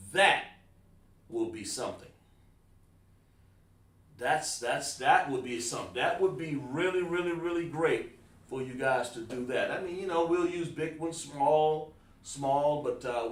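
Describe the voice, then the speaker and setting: A man teaching a Hebrew counting class in a casual, informal way, often repeating himself and saying "man". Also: on the high side. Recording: roomy, distant mic.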